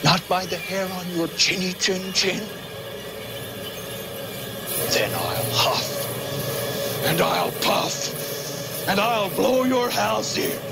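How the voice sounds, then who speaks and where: An actor playing a deranged man who taunts in a gravelly singsong through a door, heard as a film clip. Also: sits high, lively intonation, takes it slowly, heavily acted. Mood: menacing taunt. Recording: film clip under loud music.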